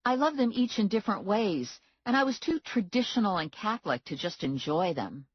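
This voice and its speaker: A woman reading a first-person novel aloud in a wry, expressive way. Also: medium pitch, fairly quick, breathy edge, no room sound, dull audio. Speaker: audiobook narrator. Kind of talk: scripted first-person narration.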